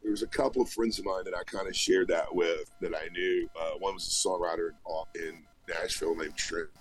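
A touring musician being interviewed over a remote call, telling a long story in a chatty, rambling way with many restarts. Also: male voice, deep voice, fairly even intonation, brisk, husky, no room sound, poor audio. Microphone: remote call connection.

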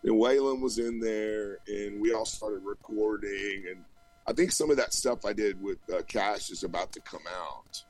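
A man with a fairly low voice tells a long, winding story as an interview guest. He restarts sentences and leans on "you know" as he goes. The remote-call line carries faint music behind him. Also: moderate pace, darkish tone, rough recording. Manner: rambling, chatty, many restarts and "you know". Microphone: remote call connection.

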